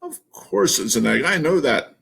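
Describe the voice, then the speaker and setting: A man voicing a fussy, bossy male duck in a picture book read-aloud, with a high, indignant, scolding manner and a raspy voice. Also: sing-song, normal speed, full character voice. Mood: puzzled.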